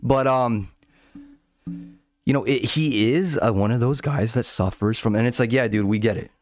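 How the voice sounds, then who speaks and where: A man's voice: mid-range voice, normal speed, a little mellow, no echo, clean studio sound, faint music behind. A man ranting casually about online drama, profane and rambling, often breaking off and jumping between points. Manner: profane, rambling, self-interrupting. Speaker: commentator.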